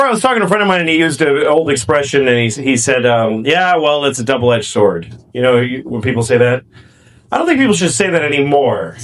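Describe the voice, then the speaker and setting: A man's voice: on the high side, fairly bright tone. A man doing a stand-up routine, telling crude, self-mocking stories with a lot of swearing. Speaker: stand-up comedian. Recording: laughing crowd behind.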